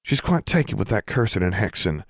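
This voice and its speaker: A prim, disapproving country schoolgirl, read by a man in a low, plain voice. The audiobook sound is dry and close. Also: big pitch swings, fairly quick, gravelly, dry recording, full character voice.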